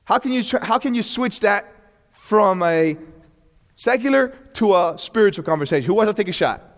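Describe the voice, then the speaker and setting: A fairly high-voiced man teaches a Bible class in an easygoing, animated way. He tosses in "okay?" and "right?" and slips into little acted-out exchanges. His voice rings with a long reverb, as if he were in a large hall. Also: normal speed. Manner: animated, often acts out quoted dialogue; frequent restarts and check-ins.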